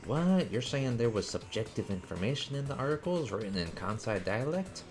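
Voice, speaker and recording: A man voicing a male bug creature from a game with a drawling, gruff country way of talking. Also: medium pitch, very animated, normal speed, a little mellow, faint music behind, pitched above the performer's own voice, natural voice. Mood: irritated. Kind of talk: reading game dialogue aloud.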